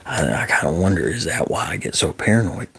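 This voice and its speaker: A man's voice: low voice, animated, fairly quick, creaky, fairly bright tone, slight background noise. A man hosting an ASMR livestream, chatting casually with viewers in a close-mic whisper and often swearing. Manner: whispering often, swears heavily, gets heated. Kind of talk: casual live chat reading comments.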